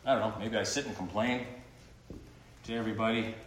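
A man preaching a sermon, moving between quiet reflection and emphatic, rising points. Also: lowish voice, steady tone, fairly quick. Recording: echoey room with faint noise.

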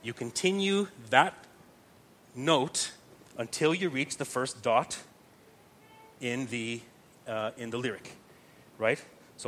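A man's voice: mid-range voice, slow, long pauses, a bit bright, slight background noise. A man patiently teaching how to chant a psalm, step by step, using plain comparisons. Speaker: chant instructor.

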